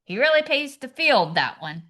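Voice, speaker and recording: Bright, lively-voiced woman co-host. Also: high-pitched, moderate pace. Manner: sarcastic, acts out screaming parents. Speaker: podcast co-host. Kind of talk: comedic podcast banter.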